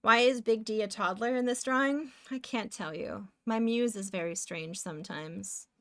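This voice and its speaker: A woman's voice: mid-range voice, moderate pace, fairly bright tone. A woman from Canada, chatting casually with viewers while drawing, giggly and talking to herself as she works. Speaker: streamer.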